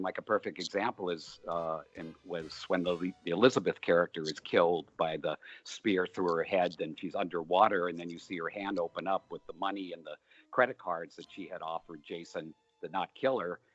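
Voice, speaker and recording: In a relaxed interview, an older man who directs films wanders through his answers like stories, using plenty of fillers. His voice sits low but has a fairly bright tone, and the recording sounds dull.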